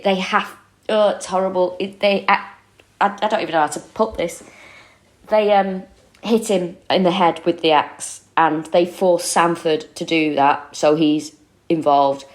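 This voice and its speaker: A woman co-hosting a true-crime comedy podcast, retelling a case casually and expressively, with frequent exclamations. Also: lowish voice.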